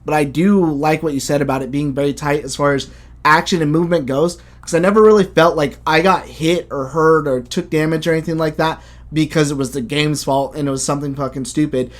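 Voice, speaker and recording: A man hosting a casual game review chat, animated and blunt, swearing freely as he talks. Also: fairly high pitch, a little fast. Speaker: video game podcast host.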